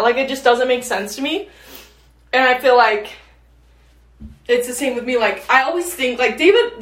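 The mic picks up this speaker from a distance in an echoey room. She's a young podcast host in her late teens whose fairly bright, higher voice rambles casually with frequent fillers.

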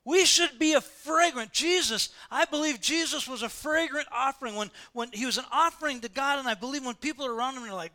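Man, pastor, sermon, high voice, conversational, repeats for emphasis. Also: a little fast, hardly any pauses, sharp tone. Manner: conversational preaching, acting out quoted voices, repeats phrases for emphasis.

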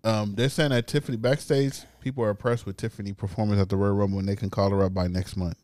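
A man's voice: on the low side, steady tone, quick pace, darkish tone, no room sound. A man hosting a podcast, reading out news items and chatting in a laid-back way. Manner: laid-back, reads headlines then chats. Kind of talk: casual podcast banter.

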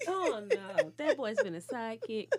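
A woman, telling stories in casual chat, animated and laughing, acting out the people she quotes. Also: a little high, moderate pace, breathy edge.

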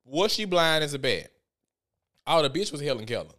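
A man giving casual commentary on a vlog, animated and profane as he tells a story. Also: a little high, normal speed. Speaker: vlogger.

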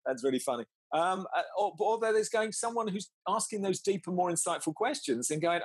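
Husky man, chatty storyteller. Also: high-pitched, a little fast, dry recording. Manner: chatty, laughs often, acts out both sides of conversations. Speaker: podcast guest. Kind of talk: casual storytelling chat.

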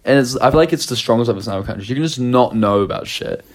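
A man's voice: medium pitch, animated, fast. A young man from New Zealand with a slight Australian twang, chatting casually on a podcast, swearing freely and laughing easily. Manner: laid-back, swears often, laughs easily. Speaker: podcast co-host and live streamer. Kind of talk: casual chat.

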